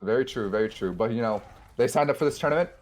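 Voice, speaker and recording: A man casting a live esports match with quick, excitable play-by-play and frequent restarts. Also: medium pitch. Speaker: esports caster.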